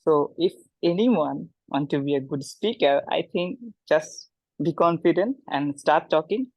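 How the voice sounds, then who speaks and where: A man from Bangladesh, giving an informal motivational talk in an online webinar, often pausing and repeating words. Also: on the high side, no echo, muffled recording. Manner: halting, repeats words, animated when quoting people. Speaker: webinar guest speaker.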